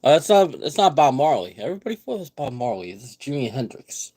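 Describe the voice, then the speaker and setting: A man's voice: mid-range voice, big pitch swings, fast talker, a little mellow, breathy edge. Rambling vlogger man. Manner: rambling, repeats himself, restarts phrases. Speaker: vlogger host. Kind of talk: casual vlog chat.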